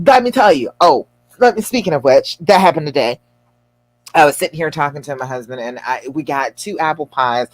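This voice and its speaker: A woman relationship coach talking casually to viewers on a livestream, telling a story in an animated, encouraging way. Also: low-pitched, no room sound. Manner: chatty storytelling, animated and expressive; encouraging, addresses viewers directly.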